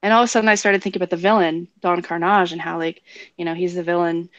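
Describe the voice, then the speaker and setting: A woman's voice: on the low side, level tone, fast, a bit bright, no room sound. A woman co-hosting a casual talk show, telling stories and acting out what others said, laughing often. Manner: storytelling, acts out quoted voices, laughs often. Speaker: co-host. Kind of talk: casual chat. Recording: dull lo-fi sound.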